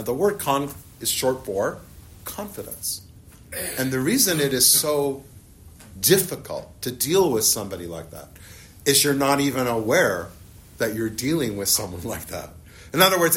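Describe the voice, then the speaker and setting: A middle-aged man leads a Bible class with a lively, swooping delivery. His pitch sits in a middle register. He mixes close reading of the text with chatty personal anecdotes and keeps putting questions to his listeners. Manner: animated, storytelling, asks the class questions. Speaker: Bible teacher.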